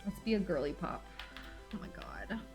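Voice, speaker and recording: A woman streaming a game live, reading its story aloud and reacting in an expressive, dramatic way, from loud outbursts to low mumbles. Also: normal speed, music in the background.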